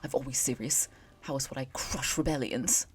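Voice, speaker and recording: A woman's voice: very deep voice, normal speed. A woman voicing a smug, bossy male resident advisor with a mock-pompous manner.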